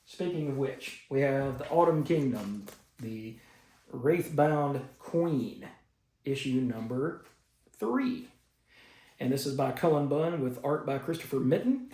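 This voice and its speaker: An enthusiastic man talks through the week's comics in a casual, rambling way, with plenty of fillers. His voice sits at a middle pitch. The room echoes around him. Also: lively intonation, slow, dark tone. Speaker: comic book reviewer. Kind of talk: casual comic review monologue. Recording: roomy echo.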